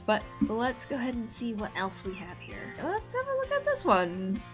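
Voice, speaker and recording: A young woman artist hosting a casual drawing video, excitable and giggly as she reacts. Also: on the high side, normal speed, over music. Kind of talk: casual chat while drawing.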